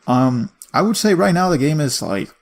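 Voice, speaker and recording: A man co-hosting a casual video game podcast, rambling with lots of fillers and quick laughs. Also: on the high side, very animated, creaky. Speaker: podcast co-host. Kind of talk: casual chat about video games.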